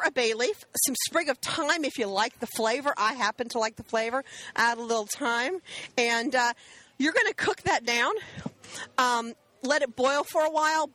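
Bright-voiced woman cooking host. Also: high-pitched, poor audio. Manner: chatty, explains steps to viewers. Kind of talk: casual cooking demonstration.

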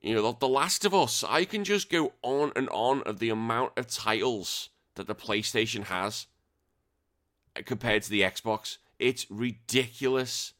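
A man's voice: mid-range voice, measured pace, fairly bright tone. A British man hosting a gaming podcast, ranting bluntly and emphatically with frequent swearing. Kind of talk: opinionated podcast rant.

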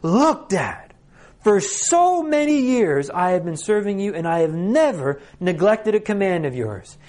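A man's voice: high voice, big pitch swings, a little slow, a little mellow, pitched above the performer's own voice. Man doing angry older son, raised voice, ranting, sermon story. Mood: furious.

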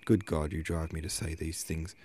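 A man's voice: extremely low pitch, flat delivery, moderate pace, darkish tone, husky. A man voicing a stern middle-aged merchant father who speaks with grave, pained indignation in a storybook reading. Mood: indignant.

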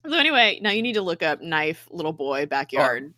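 A woman's voice: deep voice, brisk, no room sound, studio quality. A young woman casually recapping a TV episode on a podcast, acting out the characters' lines with frequent laughter. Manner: animated retelling, acting out quotes, frequent laughter and "like" fillers. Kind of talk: casual chat.

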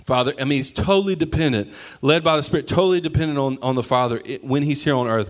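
A man in his thirties preaching a sermon, animated, sometimes breaking into high yelling as he acts out stories. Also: fast, few pauses. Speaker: pastor.

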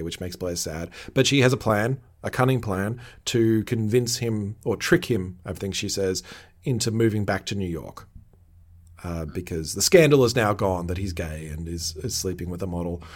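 Animated guy recapping tv. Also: fairly low pitch. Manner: animated, laughs often, playful mock indignation. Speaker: podcast co-host recapping a TV episode. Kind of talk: casual chat.

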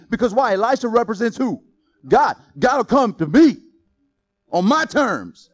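A man preaching a sermon in a lively, joking way, quizzing the congregation with questions. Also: very high-pitched, normal speed. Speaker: pastor.

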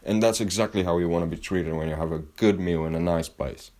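A man's voice: low-pitched, brisk, darkish tone. A man telling a rambling story in a casual monologue, swearing constantly and restarting his sentences. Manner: rambling and heavily profane, with frequent restarts.

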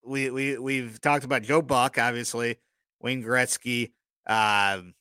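A man's voice: medium pitch, fairly even intonation, slow pace, pushed and bright, clear, resonant tone, no echo. A man co-hosting a podcast, telling rambling stories in casual chat and often apologizing for his own jokes. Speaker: podcast co-host.

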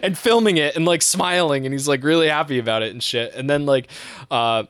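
A man's voice: brisk, clear, resonant tone, dry recording, clean studio sound. Profane, rambling young man telling a story. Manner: animated, acts out quotes in high voices. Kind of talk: casual chat.

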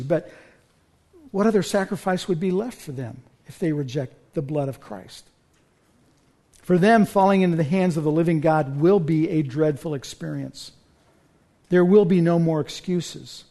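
A pastor delivers a sermon in a church, his voice pitched high for a man. He speaks earnestly and presses toward urgent appeals to his listeners. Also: darkish tone.

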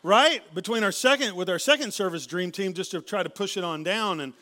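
A man preaching a sermon in a casual, conversational way, often tagging "right?" onto his points and restarting sentences, a little hoarse and clearing his throat. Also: high-pitched, a little fast, bright, forceful tone. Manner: conversational, keeps asking "right?", with many restarts. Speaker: pastor. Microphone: handheld or stage mic.

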